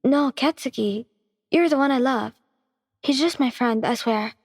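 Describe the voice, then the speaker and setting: A woman voicing a frightened young girlfriend who pleads and stammers, her voice breathy with long reverb. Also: high-pitched, measured pace, a little mellow, clean studio sound, voice pushed up, full character voice. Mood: pleading.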